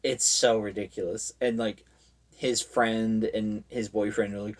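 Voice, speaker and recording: A man's voice: fairly low pitch, steady tone, moderate pace, a little mellow, recorded from a distance. A man giving a casual, rambling recap of a horror movie, full of fillers and wry asides.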